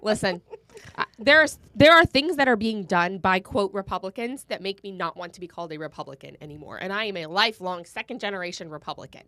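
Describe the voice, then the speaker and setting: A middle-aged woman co-hosting a casual political chat in a studio, animated and emphatic, quick to laugh, her voice a little rough. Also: mid-range voice, no echo. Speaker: podcast co-host.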